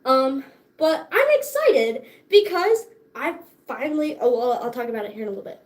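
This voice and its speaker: A woman's voice: sits high, sing-song, moderate pace. A young woman hosting a casual livestream, chatting in a bubbly, profane way and laughing often, tired and sore after dance class. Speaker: livestream host.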